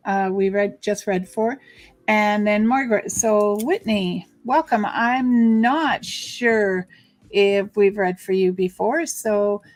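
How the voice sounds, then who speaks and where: A woman's voice: medium pitch, takes it slowly, darkish tone. A woman co-hosting a live psychic card-reading stream, chatting and reading viewer comments aloud. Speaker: co-host psychic reader.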